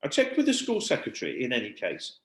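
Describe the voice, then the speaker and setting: A man putting on a brisk schoolteacher lady. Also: medium pitch, huge pitch swings, creaky, a bit bright, full character voice. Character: brisk female primary school teacher. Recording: roomy echo.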